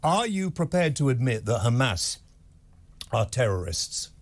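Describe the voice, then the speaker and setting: A man's voice: mid-range voice, very animated, unhurried. A man hosting a TV talk show, blunt, pressing his guest with the same question again and again. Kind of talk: heated TV debate.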